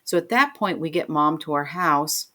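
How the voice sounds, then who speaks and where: A middle-aged woman, a guest on a podcast, recounts a personal story. Her voice sits low, and she tells it with vivid emotion, slipping into the voices of the people she quotes. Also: expressive, normal speed, pushed and bright.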